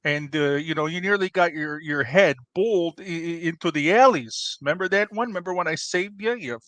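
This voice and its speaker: A man puts on a bossy pizza-joint owner who lectures and scolds his partner in a comedy debate. The voice sits fairly high and rings bright and sharp, recorded close and dry. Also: fairly quick, dry recording, natural voice. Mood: scolding. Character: brash middle-aged male pizzeria owner, bossy know-it-all.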